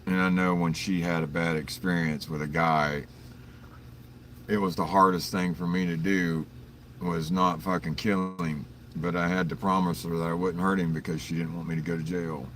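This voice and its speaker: A very deep-voiced man chats through an early-morning livestream, rambling through stories with plenty of swearing and chuckles. He sits some distance from the mic, with faint vehicle noise in the background. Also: flat delivery, normal speed, a bit bright. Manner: rambling, profane storytelling with frequent chuckles; greets viewers in chat by name. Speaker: livestream host.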